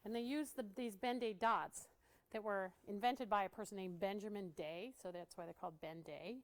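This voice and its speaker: A woman's voice: mid-range voice, moderate pace. A woman giving a casual training talk to art teachers, chatty and laughing often as she acts out what kids say.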